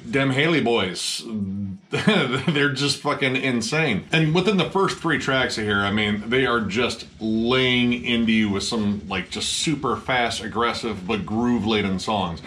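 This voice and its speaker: A man casually reviewing a metal album with excited energy, swearing often and filling his talk with "like". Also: medium pitch, unhurried, few pauses. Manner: excited, swears a lot, many "like" fillers.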